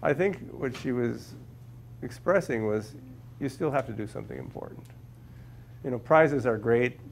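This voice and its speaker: A guest scientist from Minnesota, USA, tells humorous stories to a class in a lecture room with a live audience, often repeating words while searching for them. His voice is medium-pitched with lively intonation, a moderate pace and vocal fry, over slight background noise.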